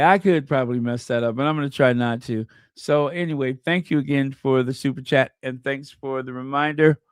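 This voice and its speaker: A man hosting a casual livestream, chatty and excitable, talking to himself as he goes. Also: a little high, clean tone, no echo, clean studio sound. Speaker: livestream host.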